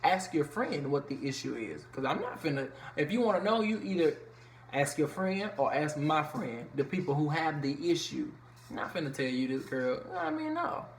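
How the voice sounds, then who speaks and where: Foul-mouthed casual recap voice, slangy and loose, room echo, little bit of background hiss. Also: mid-range voice. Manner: loose, profane, chatty slang with many fillers. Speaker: reality TV reviewer. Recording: echoey room with faint background noise.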